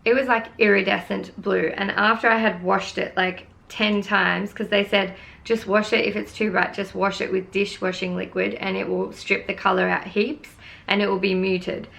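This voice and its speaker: A young woman tells a casual storytime in a chatty, exasperated way, leaning on "like" at every turn. Her voice is bright and forward, with a heavy gravelly fry running through it. She speaks at an ordinary middle pitch. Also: level tone, normal speed. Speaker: beauty vlogger.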